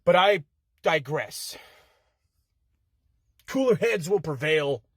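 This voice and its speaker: A man cuts a swaggering wrestling promo from inside a car, his voice sitting high for a man. He trash-talks with heated, profane bluster. The sound is dry and close, with no room echo. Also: lively intonation, takes it slowly, breathy edge. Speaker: contestant in an online promo-cutting contest.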